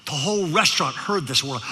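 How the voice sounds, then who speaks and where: A man's voice: high-pitched, moderate pace, big-room sound. A male pastor preaching a sermon, telling a story and drawing in his audience. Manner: storytelling, animated, engages the audience.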